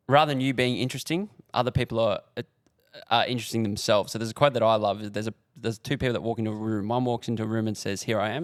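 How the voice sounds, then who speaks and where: A man's voice: on the low side, dry recording. A man hosting a podcast, asking his guest thoughtful, reflective questions. His voice is recorded dry and close, with no room sound. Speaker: podcast host. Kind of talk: interview questions.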